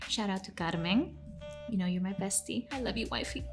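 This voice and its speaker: Brief: young woman guest, expressive, chatty, average pitch, soft music underneath. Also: fairly quick. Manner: expressive, chatty, with many fillers and laughs. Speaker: guest singer. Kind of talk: casual video-call interview.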